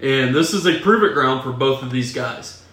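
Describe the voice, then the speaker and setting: A man's voice: mid-range voice, expressive, moderate pace, a bit bright. A man co-hosting a casual podcast, explaining things steadily to listeners. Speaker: podcast co-host. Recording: echoey room.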